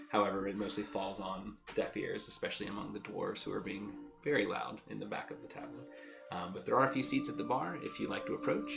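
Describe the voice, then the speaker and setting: A man narrating as game master of a tabletop game, relaxed and descriptive with easy fillers. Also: lowish voice, vocal fry.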